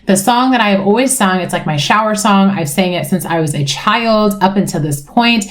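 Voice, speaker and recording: A woman's voice: mid-range voice, animated, normal speed. A young adult woman reading tarot in casual chat, rambling with many fillers, emotional and swearing freely. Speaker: tarot reader.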